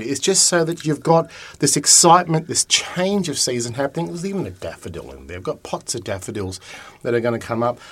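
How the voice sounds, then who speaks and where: A man chatting enthusiastically about garden plants and cooking in a casual radio talk. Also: on the high side. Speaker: gardening and cooking guest expert.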